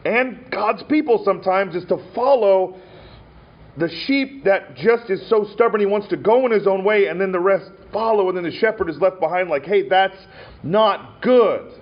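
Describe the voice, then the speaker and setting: Male pastor from Montana, slightly high voice, storytelling sermon with fillers, muffled lo-fi church recording. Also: moderate pace. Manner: storytelling delivery with frequent fillers and restarts. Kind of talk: sermon at an ordination ceremony. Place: church sanctuary.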